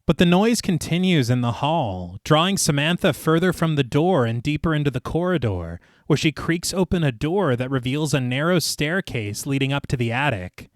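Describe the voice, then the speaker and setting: Lively man recapping a horror film. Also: on the high side, moderate pace, hardly any pauses, no echo, studio quality. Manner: narrates plot at length, lively. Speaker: podcast co-host.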